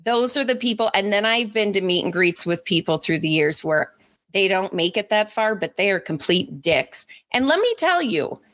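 Woman, young adult, podcast co-host, chatty, animated storyteller, middle pitch. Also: moderate pace. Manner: chatty and animated, acts out voices in her stories. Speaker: podcast co-host and former radio interviewer. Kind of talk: casual storytelling chat.

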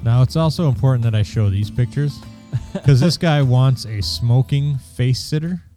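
A man's voice: medium pitch, moderate pace, mellow, faint music behind. A man hosting a podcast, reading personal ads aloud in a wry, crude way and laughing along. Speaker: podcast host.

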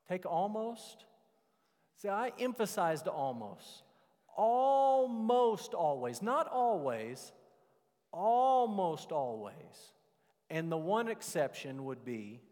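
A man, a pastor preaching a sermon with animated emphasis, stretching out words he wants to stress. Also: on the high side, big-room sound.

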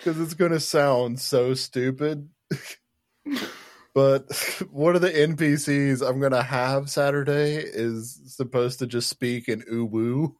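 A woman's voice: extremely low pitch, fairly even intonation, slow, a little mellow. A woman co-hosting a podcast and running tabletop games, chatting animatedly, laughing often and swearing freely. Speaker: podcast co-host and game master. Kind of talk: casual chat.

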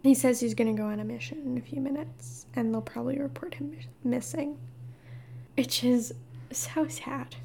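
A young woman hosts a solo podcast discussion, speaking slowly in a slightly high, mellow voice. Her tone has a gravelly fry, and her phrases keep fading into a breathy whisper. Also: slight background noise. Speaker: podcast host.

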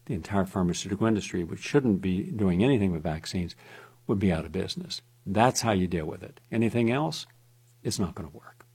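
Emphatic, husky-voiced man hosting radio. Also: sits low, expressive, a little fast, a little mellow. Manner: emphatic, insistent delivery. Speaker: radio host. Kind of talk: talk radio monologue.

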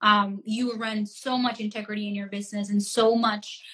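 A woman's voice: mid-range voice, little pitch movement, normal speed, pushed and bright. A woman coach hosting a live chat, praising her guest and repeating her words as she goes. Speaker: host, coach. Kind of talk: casual chat on a live stream. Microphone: video call.

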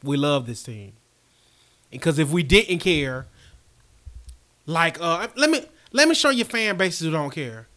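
A man co-hosting a sports podcast, his voice bright and a touch high. He talks in loose, emphatic banter. His delivery swings into playful outrage and lively emphasis. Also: measured pace, pauses often. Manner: animated, emphatic, playfully indignant. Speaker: podcast co-host.

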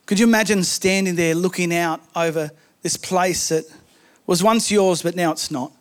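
A man preaching a sermon, telling stories in an animated way with humorous asides. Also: high voice, normal speed. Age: adult, married.

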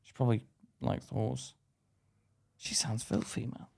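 A young British man co-hosting a podcast in casual chat, joking, laughing often and reading aloud haltingly. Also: medium pitch, flat delivery, gravelly, darkish tone. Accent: British English. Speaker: podcast co-host.

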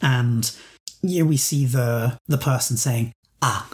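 A man narrates an improvised story at a tabletop game. He rambles and restarts as he builds each scene. His voice sits at an ordinary middle pitch. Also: takes it slowly, darkish tone.

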